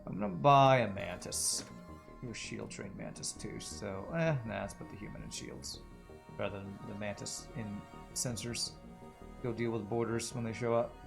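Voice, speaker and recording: Gravelly-voiced man streaming a game. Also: lowish voice, normal speed, music in the background. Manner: musing aloud, chatting with viewers. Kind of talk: casual gameplay commentary.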